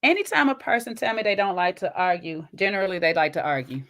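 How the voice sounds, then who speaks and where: A woman's voice: mid-range voice, lively intonation, fast, fairly bright tone. A woman hosting a reaction video, giving sassy, emphatic commentary and talking straight to the viewer. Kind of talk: casual commentary reacting to a clip.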